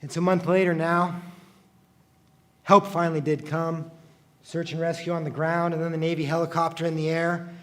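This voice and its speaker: Man with a slightly high voice, confessional storytelling. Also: little pitch movement, normal speed, long pauses. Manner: earnest, confessional, often low and hushed. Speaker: firefighter telling a personal story. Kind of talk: first-person storytelling in present tense.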